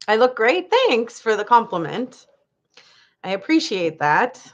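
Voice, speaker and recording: Female livestream host, casual chat with viewers, animated delivery, muffled stream audio. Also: on the high side, creaky. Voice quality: laughs often, chatty and animated. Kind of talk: casual live chat reading comments.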